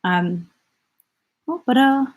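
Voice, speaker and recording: A woman from the Midlands hosting a casual live-stream chat, rambling warmly through her week and answering viewer comments with lots of fillers. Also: a little high, animated. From England, the Midlands. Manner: chatty and rambling, lots of fillers, quick laughs. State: out of breath. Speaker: channel host.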